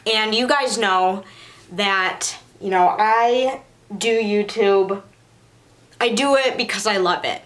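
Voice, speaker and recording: A young woman talks straight to her viewers in a vlog, her voice thick from crying. She sounds frustrated and upset, circling back and repeating herself. Her voice sits at an ordinary middle pitch. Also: takes it slowly, a bit bright. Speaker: YouTuber. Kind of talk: emotional vlog to camera.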